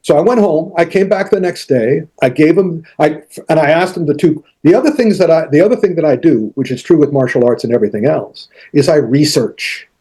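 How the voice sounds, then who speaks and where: An older man spins anecdotes in a casual interview, often restarting sentences and acting out the lines people said. His voice sits a touch high but sounds mellow and husky. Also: a little fast, hardly any pauses. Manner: animated anecdotes, acts out quotes, frequent restarts. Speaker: interview guest, author.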